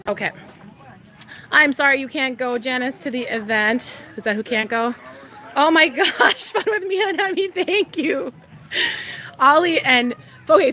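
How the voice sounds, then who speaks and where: A woman's voice: high-pitched, a bit bright. A woman in her thirties chatting on a live stream as she walks through a big store, bubbly and laughing often, a bit out of breath. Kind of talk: casual live-stream chat. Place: large store.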